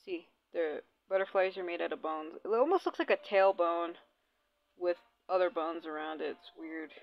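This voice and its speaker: A woman's voice: lowish voice, moderate pace, no echo. A young woman host chatting casually and with lots of swearing while commenting on her gameplay. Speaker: gaming channel host. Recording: dull lo-fi audio, faint game music.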